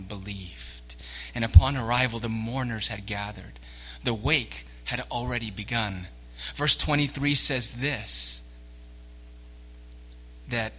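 A man preaching a sermon as pastor, swinging between hushed words and emphatic lines. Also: medium pitch, husky. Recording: long reverb of a church hall.

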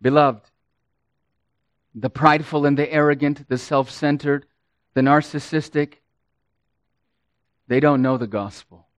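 A man preaching a sermon as pastor, slow and emphatic, rising and falling in volume for emphasis. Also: a little high, steady tone, dry recording.

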